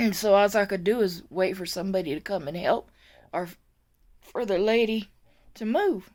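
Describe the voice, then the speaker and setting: A woman's voice: medium pitch, normal speed, a little mellow. A woman who works as a nursing assistant, telling a funny work story in a storytime vlog, laughing as she goes.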